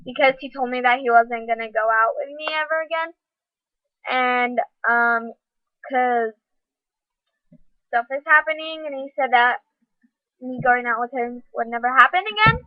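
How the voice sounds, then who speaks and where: A woman's voice: sits high, a little slow, pauses often, dry recording, dull audio. A teenage girl rambling through a school drama story in a casual vlog, full of "like" and "um". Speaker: vlogger.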